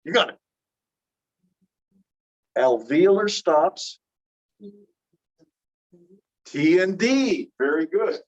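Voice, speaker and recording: A linguistics teacher gives a phonetics lecture, patiently posing questions to the students and spelling out examples. The voice has a medium pitch, and the recording's highs are cut off.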